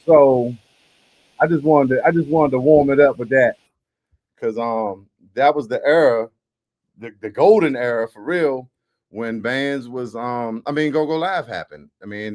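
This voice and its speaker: A man hosts an online radio show in an easygoing, casual way. He greets listeners and rambles a little with fillers as he sets up the discussion. His voice sits in an ordinary middle pitch. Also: measured pace, a little mellow.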